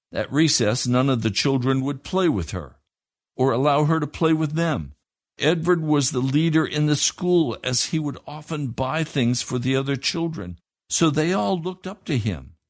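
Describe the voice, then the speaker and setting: A man reading a story aloud to children, slowly and earnestly. His voice sits at a mid pitch. The recording is dry and close, with no room sound. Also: no echo.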